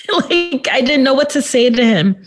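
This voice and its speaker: A woman in an interview who gives a personal account in a halting, subdued way, with many pauses and fillers. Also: sits high, expressive. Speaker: interview guest.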